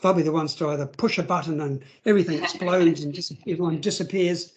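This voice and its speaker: Man, high voice, webinar presenter, conversational, fillers, video call. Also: fairly even intonation, quick pace. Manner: conversational, acts out scenarios, frequent fillers. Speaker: trainer for foster carers.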